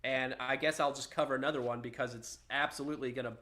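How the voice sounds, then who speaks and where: A man hosting a podcast, talking casually with animated, scoffing delivery and casual profanity. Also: mid-range voice, quick pace. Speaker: podcast host.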